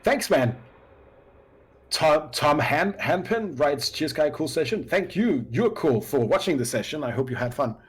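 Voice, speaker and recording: Halting man signing off a stream. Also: a little high, sing-song, slightly rough. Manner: halting, many fillers and restarts. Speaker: co-host of a live-play stream. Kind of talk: casual sign-off chat.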